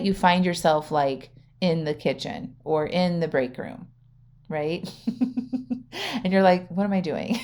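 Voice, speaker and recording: On her own podcast, a chatty woman coach with a slightly low voice talks to listeners in an easygoing, direct manner. Many of her sentences end in "right?" or "okay?", and she laughs readily.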